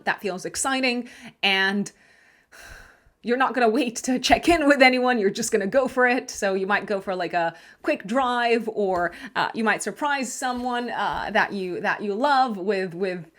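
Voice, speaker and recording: A woman's voice: fairly high pitch, a bit bright. A woman hosting a monthly horoscope video, talking casually with many fillers and restarts and laughing at herself now and then. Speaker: astrologer host.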